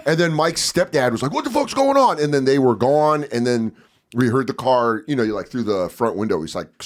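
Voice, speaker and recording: Man, 40s, podcast guest, animated storytelling, lively swooping pitch, swears a lot. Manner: animated, profane, acts out voices loudly. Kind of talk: casual storytelling.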